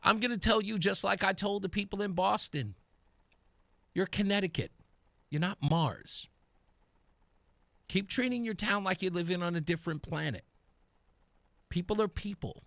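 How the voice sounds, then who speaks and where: Middle-aged male radio host, chatty storyteller, bright and animated, dry studio sound. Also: high voice, measured pace, vocal fry, pauses often, no echo. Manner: chatty storyteller, laughs at himself. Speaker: radio talk show host. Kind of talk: casual radio monologue.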